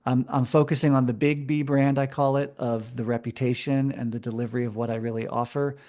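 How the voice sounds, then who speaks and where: A man with a mid-range voice, guesting on an interview podcast. He answers in a lively, enthusiastic way, restarting his phrases now and then as his thoughts run ahead. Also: mid-range voice, a little fast. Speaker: interview guest, brand strategist. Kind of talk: casual conversational interview.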